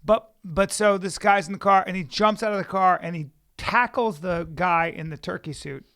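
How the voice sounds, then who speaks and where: Gravelly man rambling through stories. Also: high voice, moderate pace, a bit bright. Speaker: podcast co-host. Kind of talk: casual chat. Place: studio.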